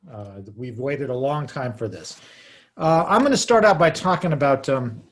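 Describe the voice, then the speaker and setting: A man's voice: mid-range voice, lively intonation, moderate pace. A man giving a talk on a video call, wry and casual with dry asides. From Arizona.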